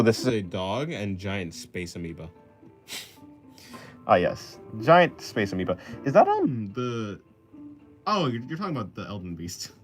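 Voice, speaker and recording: A young man talks through a drawing stream, answering comments in a loose, rambling way and laughing at his own slips. His voice is lively and swings widely in pitch. Soft music plays faintly behind him. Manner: rambling, self-deprecating, laughs often. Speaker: artist streaming while drawing. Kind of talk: casual chat reading viewer comments.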